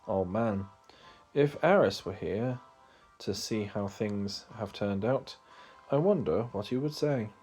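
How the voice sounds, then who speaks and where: Slow, low-voiced man playing a game. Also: soft background music. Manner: relaxed, rambling asides. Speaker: video game streamer. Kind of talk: casual let's-play commentary.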